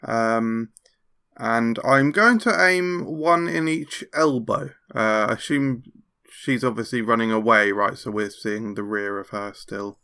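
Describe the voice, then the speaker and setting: A man playing a tabletop game who speaks haltingly, with many ums and restarts. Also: medium pitch, sharp tone, clear, resonant tone. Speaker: player.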